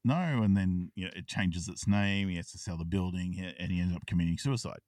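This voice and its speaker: A low-voiced man chats casually about a TV episode he has watched. He retells it in an animated way and acts out the characters' lines. The sound is dry, with the mic set back a little from him. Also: fast, no echo, recorded from a distance. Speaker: podcast co-host. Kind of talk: casual chat reviewing a TV episode.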